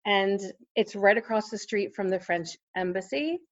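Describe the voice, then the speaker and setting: A woman's voice: mid-range voice, moderate pace, muffled recording. A woman in her forties, a podcast guest, telling a personal story in casual interview chat with lots of fillers and laughter. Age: 40s.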